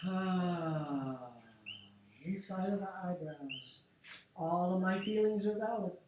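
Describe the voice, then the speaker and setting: A man leading a group tapping session, talking in a gentle, encouraging way. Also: high voice, takes it slowly. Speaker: workshop leader. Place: workshop studio room. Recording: echoey room, mic far off, faint noise.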